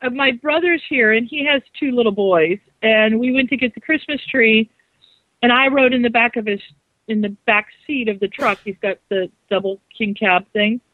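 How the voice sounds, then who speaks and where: A woman's voice: fairly high pitch, moderate pace, no room sound. A woman chatting casually and telling a story in a chatty way, acting out her own lines. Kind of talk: casual chat. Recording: dry, tinny phone line.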